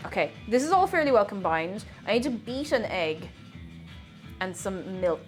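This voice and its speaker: A woman's voice: mid-range voice, sing-song, normal speed, music in the background. A woman streamer chatting casually with her viewers while she bakes. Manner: chatty, reading out viewer messages. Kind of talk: casual chat while baking.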